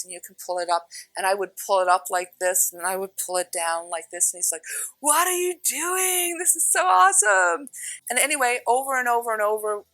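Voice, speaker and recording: A woman giving a casual spiritual talk, telling stories with lively acted-out quotes. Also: medium pitch, no room sound, low-quality recording. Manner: animated storyteller, acts out quotes. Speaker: spiritual teacher.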